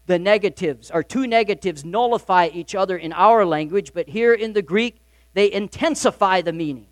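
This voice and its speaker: A man preaching a sermon as pastor, emphatic, swinging between loud urgent lines and quiet confiding ones. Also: sits high, moderate pace, dry recording.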